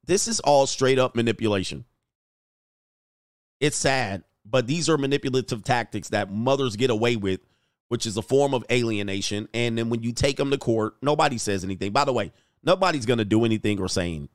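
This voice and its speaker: A man's voice: mid-range voice, brisk, dry recording, studio quality. A man hosting a live stream, reading viewer comments aloud and giving blunt, crude, mocking commentary.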